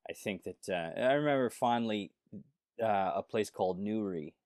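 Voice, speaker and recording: Musician guest from New York. Low, relaxed, rambling delivery with a dry sound. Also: male voice, normal speed, no echo. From New York, USA. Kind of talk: casual interview chat.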